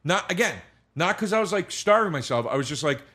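A man's voice: high voice, lively intonation, fast talker, pushed and bright. A man telling stories in a casual podcast chat, acting out dialogue and swearing freely. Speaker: guest comedian.

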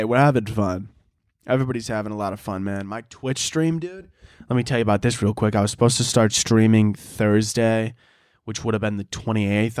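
In a lowish voice, this man hosts a podcast by himself, rambling casually, swearing a lot and making fun of himself. The recording is dry and the studio sound clean.

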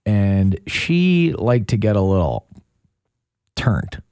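A man co-hosting a radio show, joking and skeptical in quick asides. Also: on the low side, big pitch swings, warm tone, smooth. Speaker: radio co-host. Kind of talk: casual talk radio banter.

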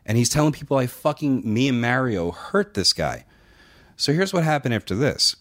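A man's voice: mid-range voice, normal speed. A middle-aged man hosting a podcast, telling a long, profane story in casual chat and acting out the dialogue. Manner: profane, animated anecdote-telling with quoted dialogue. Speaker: podcast host and wrestling trainer.

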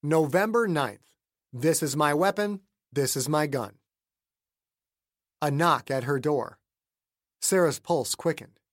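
A man reads a novel aloud in an even, measured way. His voice sits a little high for a man. The recording is dry and close, with no room echo. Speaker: audiobook narrator. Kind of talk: scripted narration.

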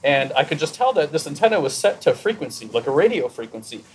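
A man in a casual conversation, telling a personal story in an animated way and acting out his inner dialogue. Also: a little high, quick pace, slight background noise.

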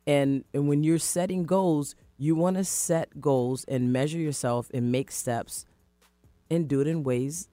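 An upbeat, motivational adult speaker on a talk radio show, talking casually and acting out quoted thoughts. The voice sits at a middle pitch and is recorded close and dry, with faint music under it. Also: a little slow, mellow, no room sound.

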